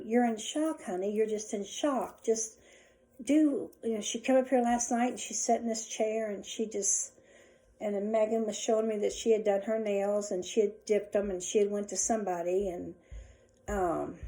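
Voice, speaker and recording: A woman's voice: fairly high pitch, dark tone, poor audio. A middle-aged woman, chatting casually to her viewers at home and rambling through a personal story. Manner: rambling, chatty, many restarts and asides. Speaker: vlogger. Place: indoors at home.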